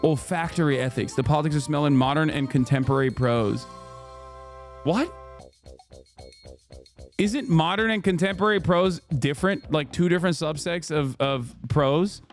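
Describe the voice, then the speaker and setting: A man in his thirties giving sarcastic, incredulous livestream commentary on posts, jumping to sudden high exclamations. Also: normal speed, faint music behind. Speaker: streamer reacting to posts.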